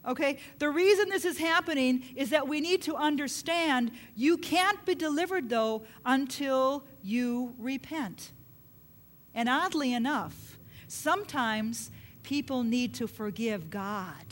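A woman preaching a sermon, retelling scripture with animated, dramatic delivery. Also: high-pitched.

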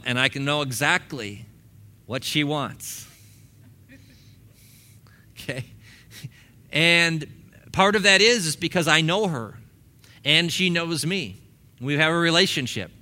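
Bright-toned male pastor preaching conversationally. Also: fairly high pitch. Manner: conversational preaching with laughs and acted-out quotes. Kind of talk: sermon. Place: church sanctuary.

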